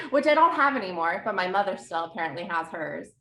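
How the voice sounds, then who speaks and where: A woman's voice: on the low side, sing-song, brisk, pushed and bright, echoey room. A woman in her thirties, originally from New Jersey, chatting as a podcast guest and laughing often as she tells stories. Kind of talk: casual chat.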